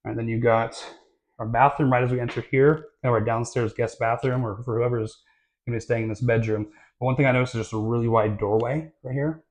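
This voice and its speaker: A man giving a casual walkthrough of a new house as a real estate vlogger, talking in a relaxed, chatty way with lots of fillers, recorded on a handheld camera mic while walking through the rooms. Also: medium pitch, brisk. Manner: chatty and relaxed, filler-heavy, self-correcting. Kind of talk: casual home tour walkthrough.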